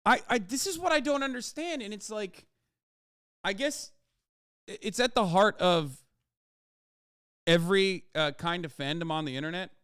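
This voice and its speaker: A man's voice: high-pitched, moderate pace, long pauses, smooth, no room sound, studio quality. Sarcastic, profane male streamer ranting. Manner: animated, with frequent restarts and emphatic asides. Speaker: livestreamer. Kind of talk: casual livestream rant to chat.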